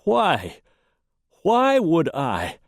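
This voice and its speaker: A man's voice: huge pitch swings, drawn-out words, no room sound, heavily acted. A man voicing a wounded carpetbagger who gasps and pleads in panic. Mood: panicked pleading. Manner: gasping, shrill and panicked. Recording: dry close recording.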